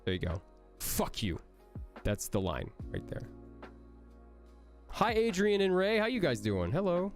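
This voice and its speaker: A man, a voice actor, answering chat questions on a casual livestream in an energetic, rambling way that jumps between jokes and praise. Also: high voice, moderate pace, pauses often, faint music behind.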